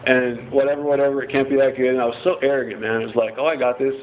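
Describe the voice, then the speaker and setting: A man's voice: mid-range voice, fairly even intonation, racing, slight background noise. Rambling, joking man on a tinny line. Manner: rambling, profane, joking and self-mocking. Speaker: member sharing at a recovery meeting. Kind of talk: casual personal share. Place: recovery group meeting. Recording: tinny phone-like recording.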